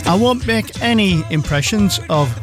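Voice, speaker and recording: A man's voice: sits high, expressive, normal speed, over music. A man presenting on local radio, reading the weather and chatting with self-mocking asides.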